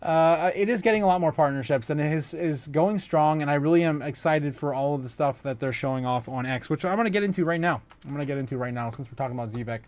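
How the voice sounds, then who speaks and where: An excitable man hosts a casual crypto livestream, reading viewers' comments and reacting with frequent laughter. His voice sits a bit high for a man, and his talk is hyped and chatty. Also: fast talker, few pauses.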